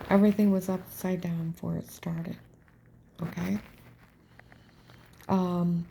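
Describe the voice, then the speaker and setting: Woman, gravelly voice, dark tone, rambling emphatic storytelling, drops to whispers. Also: on the low side, level tone, takes it slowly, a little hiss or hum. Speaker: storyteller recounting events. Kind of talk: personal storytelling monologue.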